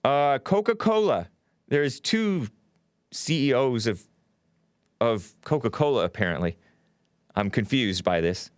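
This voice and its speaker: A man's voice: medium pitch, expressive, unhurried, pauses often, no room sound, studio quality. A man hosting a solo commentary show, reading out news quotes and mocking them with sarcastic asides. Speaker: podcast host.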